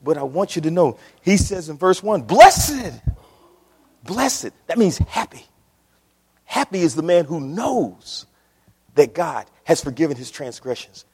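A man's voice: a little high, lively intonation, a little slow, creaky, darkish tone, slightly rough. A man preaching a sermon to his congregation, impassioned and repetitive, often calling out to the church. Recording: reverberant church hall.

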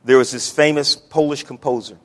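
A male pastor preaching a sermon, with dramatic swings from hushed, drawn-out lines to loud exclamations. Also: medium pitch, steady tone.

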